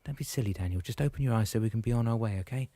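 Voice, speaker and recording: A man voicing an impatient, bossy young older brother with a brisk, scolding manner, in an audiobook. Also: mid-range voice, warm tone, no room sound, natural voice.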